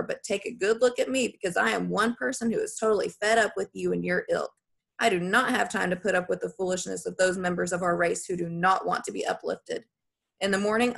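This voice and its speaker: Haughty foster mother, pompous and cold, a little raspy; a woman reading her in an audiobook. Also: medium pitch, a bit bright, full character voice. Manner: formal, haughty, scolding speech. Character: stern pompous middle-aged foster mother, female. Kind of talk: audiobook character voice.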